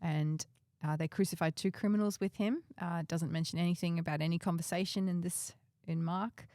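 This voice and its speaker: A woman's voice: on the low side, fairly even intonation, a little fast, mellow, no room sound, clean studio sound. A woman co-hosting a casual Bible discussion, reading a passage aloud and asking questions. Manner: reads the passage aloud, asks questions, laughs easily. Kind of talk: casual Bible study chat.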